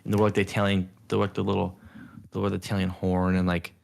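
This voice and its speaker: A young man with a lowish voice talks loosely on a podcast, piling up fillers as he tells stories. He mimics the voices of people he complains about. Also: monotone, fast talker, vocal fry, a little mellow. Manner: rambling, filler-heavy storytelling with mocking quoted voices. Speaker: podcast co-host. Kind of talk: casual chat.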